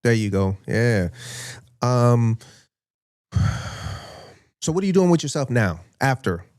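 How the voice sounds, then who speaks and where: A man hosting a podcast in a relaxed interview style, often filling in with "you know" and "um". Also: mid-range voice, takes it slowly, no room sound, clean studio sound. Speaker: podcast host. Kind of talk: casual interview.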